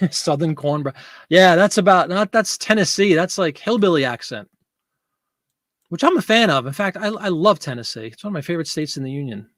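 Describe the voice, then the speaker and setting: A man with a high, fairly bright voice and lively intonation speaks a little fast as he hosts a casual live selling stream. Chatty and rambling, he laughs often and reads viewer comments aloud while answering them. Studio quality, no echo.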